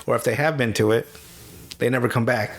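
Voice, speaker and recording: A man's voice: medium pitch, brisk. A man hosting a podcast, telling a movie's plot in a loose, swearing, laughing way. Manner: profane, animated storytelling with laughs. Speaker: podcast host. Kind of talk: casual movie recap.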